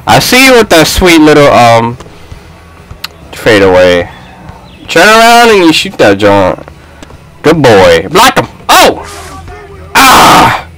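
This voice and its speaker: A man giving live commentary over a basketball video game, excitable and trash-talking his teammates. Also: medium pitch, unhurried, long pauses, soft background music, low-quality recording. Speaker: gaming YouTuber.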